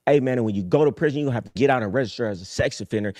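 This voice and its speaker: A man's voice: rapid-fire, few pauses, darkish tone, no room sound. Streetwise man preaching hard on a dry mic. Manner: streetwise, preachy, swings from low mutters to high emphatic bursts. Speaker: host. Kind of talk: casual livestream talk.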